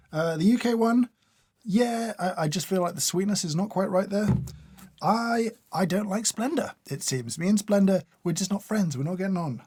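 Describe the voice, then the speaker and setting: A man's voice: sits high, a little mellow, breathy edge, no echo. Dry, sarcastic man tasting food. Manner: dry, sarcastic, opinionated, scolds the products directly. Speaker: food taste tester. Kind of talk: casual taste-test commentary.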